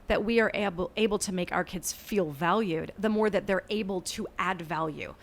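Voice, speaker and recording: A woman's voice: lowish voice, moderate pace. A middle-aged woman teacher talking as a podcast guest. She speaks earnestly, acts out things she says to her students, and restarts her sentences often. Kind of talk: casual interview chat.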